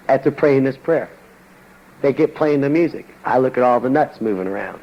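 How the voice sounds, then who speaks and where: Male evangelist, mid-pitched, folksy slangy storyteller; dull lo-fi recording with faint noise. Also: lively intonation, fairly quick, some chatter behind. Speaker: evangelist preacher. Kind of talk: testimony sermon to a congregation.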